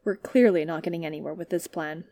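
A woman's voice: low-pitched, quick pace, dark tone, no room sound, clean studio sound, voice pushed down. A woman voicing a sarcastic young male Jedi apprentice in a storybook reading. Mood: weary.

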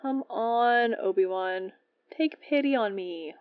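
A woman's voice: fairly high pitch, lively intonation, moderate pace, dry recording, narrow, tinny audio, natural voice. A woman voicing a playful, gossip-hungry male spy who wheedles and pouts at his friend. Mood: teasing.

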